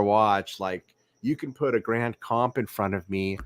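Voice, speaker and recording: A man with a very low voice hosts a casual late-night livestream from home. He rambles, repeats himself and keeps asking his viewers whether they agree. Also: sing-song, unhurried, few pauses, slight background noise. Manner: rambling, repeats words, asks viewers questions. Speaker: livestream host.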